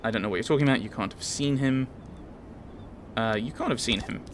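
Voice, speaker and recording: A man voicing a cool, scheming married woman who speaks calmly and dismissively. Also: mid-range voice, a little fast, slight background noise, natural voice.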